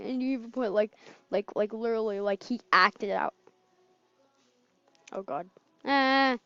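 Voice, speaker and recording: High-pitched excitable woman gamer. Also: measured pace, pauses often, no room sound, dull audio. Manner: excitable, laughs and yells at wins and deaths. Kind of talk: casual gameplay commentary.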